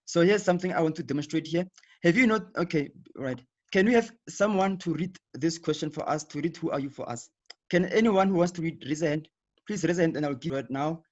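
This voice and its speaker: A teacher runs an online English lesson over video call in a slightly high, darkish voice. He goes slowly and patiently, circling back and ending points with "okay", while the call audio comes through muffled and lo-fi.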